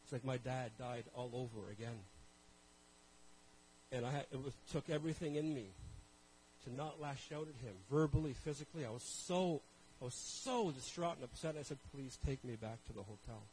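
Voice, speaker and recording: A man's voice: mid-range voice, normal speed, darkish tone, a little hiss or hum, rough recording. A man from Canada preaching a sermon and telling a personal story. He talks conversationally, with self-deprecating asides, and addresses the congregation directly.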